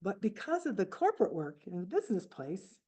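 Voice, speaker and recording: A woman in her seventies telling a personal story at a book fair, reflective and halting with restarts. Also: medium pitch, sing-song, dark tone, slightly rough. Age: 70s. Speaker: author speaking at a book fair.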